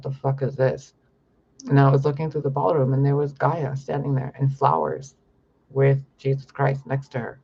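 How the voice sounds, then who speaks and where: A young man with a gravelly, husky voice talks straight to camera in a long, rambling monologue, swearing freely as he goes. The recording sounds dull and lo-fi. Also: medium pitch, mellow. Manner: profane, rambling. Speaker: spiritual vlogger.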